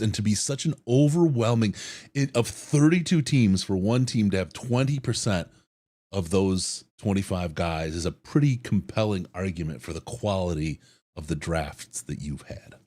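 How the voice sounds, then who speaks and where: A man's voice: lowish voice, animated, a little slow, a little mellow. A man hosting a casual sports podcast, playful and upbeat, joking and laughing with his co-host.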